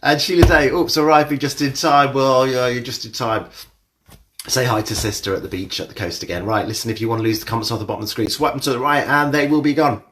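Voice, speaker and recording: A man runs a live exercise class from a room at home. He greets each viewer by name with light jokes, then settles into steady, clear cues for posture and movement. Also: mid-range voice, fast, echoey room, recorded from a distance, slight background noise. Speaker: fitness instructor.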